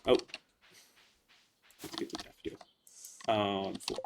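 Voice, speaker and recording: Gravelly man chatting over gameplay. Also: lowish voice, unhurried, noisy background. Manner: relaxed, chatty, hesitant. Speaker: let's play host. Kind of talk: casual gameplay commentary.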